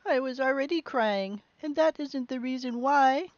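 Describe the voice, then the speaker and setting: A woman's voice: high voice, a little slow, no room sound, highs cut off. A woman reading as a lonely little boy. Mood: sad. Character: shy lonely little boy hiding in his room.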